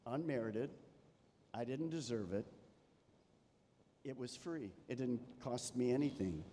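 A man preaching a sermon as a pastor, animated, dropping to soft emphasis on key points. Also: medium pitch, measured pace. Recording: long reverb of a church hall.

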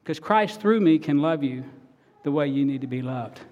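A middle-aged married man preaching a sermon, telling stories earnestly and swinging between loud and soft. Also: on the high side, animated, moderate pace, long reverb tail, muffled recording. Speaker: pastor.

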